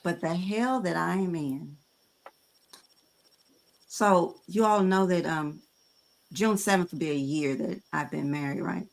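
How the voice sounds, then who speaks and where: A woman in her fifties hosting a panel, talking frankly and conversationally with frequent pauses to gather her words. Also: fairly low pitch, creaky. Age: 50s. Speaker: host.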